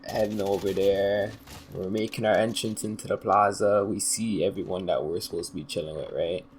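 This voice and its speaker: A man's voice: sits low, steady tone, normal speed, a little hiss or hum. A young man telling a story from his own life in a casual, slangy, rambling way, often trailing off with "da, da, da". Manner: loose, slangy, rambling with filler "da, da, da".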